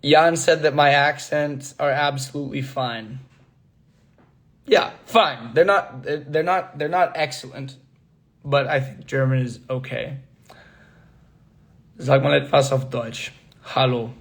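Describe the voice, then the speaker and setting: A man's voice: medium pitch, slow pace, long pauses. Laughing young man chatting on a livestream. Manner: laughs often, reads comments aloud, switches between languages. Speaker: actor answering fans. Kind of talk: casual livestream chat.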